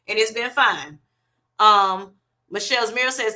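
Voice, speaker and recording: A woman's voice: fairly high pitch, unhurried, pushed and bright. A middle-aged woman hosting a casual livestream, reading viewer comments and answering in an affectionate, chatty way. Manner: chatty, affectionate, calls viewers honey and baby.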